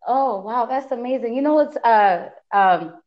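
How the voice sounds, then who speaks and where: A woman's voice: on the high side, measured pace, lo-fi sound. A woman from Bridgeport, Connecticut, hosting a casual podcast interview, upbeat and encouraging toward her guest. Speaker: podcast host.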